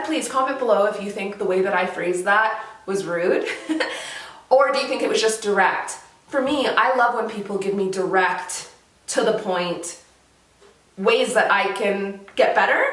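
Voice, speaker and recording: A woman from Canada chatting casually to camera as a vlogger, animated and laughing often. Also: a little high, far from the mic. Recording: roomy echo, slightly off mic.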